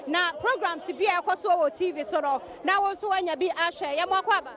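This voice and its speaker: A Ghanaian woman reporting from a busy outdoor station, interviewing passers-by and reading sponsor plugs and phone numbers in a brisk manner. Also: very high voice, a bit bright. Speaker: street reporter and host. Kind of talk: vox-pop street interviews and sponsor announcements.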